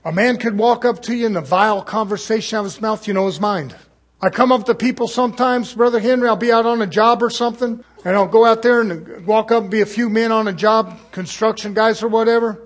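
A man with a high, husky voice preaches to his congregation. He delivers the sermon fervently, firing rhetorical questions at the pews. His voice has a breathy rasp to it. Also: normal speed. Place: church service.

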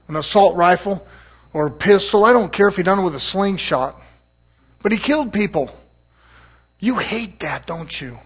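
High-voiced preacher, emphatic. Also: male voice. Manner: emphatic, confrontational preaching with chuckles. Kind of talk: sermon.

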